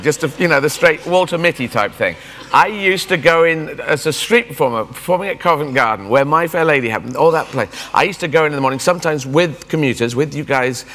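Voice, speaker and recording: A comedian in his fifties riffs through a keynote speech, animated and self-mocking as he jumps between thoughts. His voice is bright and forceful, and a long reverb from a large conference hall hangs behind it. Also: mid-range voice. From England. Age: 50s. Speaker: guest speaker.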